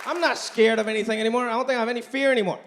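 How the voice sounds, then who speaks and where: A man performing a stand-up comedy routine on a club stage, talking in an animated way and acting out the voices he quotes. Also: extremely high pitch, rapid-fire. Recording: live club recording with crowd noise. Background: audience laughter.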